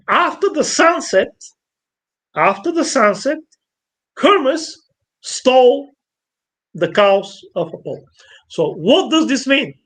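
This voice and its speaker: A man explaining an ancient myth against a sky chart, halting and often repeating and restarting his phrases. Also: sits high, fairly bright tone. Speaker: astrologer interviewee.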